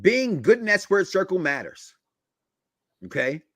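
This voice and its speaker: Animated high-voiced man hosting a wrestling podcast. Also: no room sound. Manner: emphatic, counts down a list with long pauses. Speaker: podcast host. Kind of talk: casual wrestling talk.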